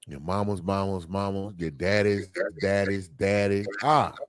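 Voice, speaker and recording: Brief: male podcast host, very low voice, dry close sound, lively and exclaiming. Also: unhurried, smooth, dry recording. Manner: animated, exclaiming, reads out viewer comments. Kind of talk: casual podcast conversation.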